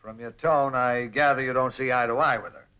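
An actor playing a bright-voiced teasing bachelor. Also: male voice, mid-range voice, steady tone, a little fast, smooth, lightly acted, rough recording. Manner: teasing, playful. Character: bachelor friend, playful needling middle-aged man. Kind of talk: 1950s sitcom acting.

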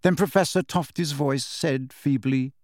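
A man narrating a story in a measured storytelling manner. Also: mid-range voice, no echo, studio quality. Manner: measured storytelling with shifting character voices. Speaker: audiobook narrator. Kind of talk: scripted narration.

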